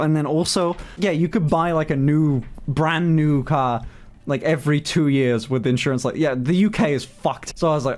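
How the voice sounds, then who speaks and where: A man streaming, telling a story in casual chat with lots of swearing and indignant outbursts. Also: a little fast. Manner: animated storytelling, swears often, jumps high in pitch when indignant.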